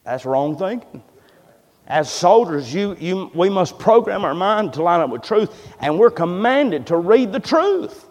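A fervent preacher whose high voice leaps up and down, rising to loud, emphatic cries and dropping to low, quiet asides. His sermon rings through a church hall with a long, echoing reverb. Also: big pitch swings, unhurried. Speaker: pastor. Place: church sanctuary. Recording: echoey church hall sound.

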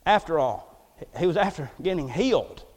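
A man preaching a folksy, emphatic storytelling sermon. He swings between loud bursts and hushed asides. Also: on the high side, lively intonation, normal speed. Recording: long hall reverb.

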